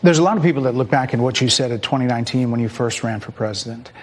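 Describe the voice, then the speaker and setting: A man's voice: medium pitch, rapid-fire. A man asking pointed follow-up questions in a broadcast interview. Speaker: news interviewer.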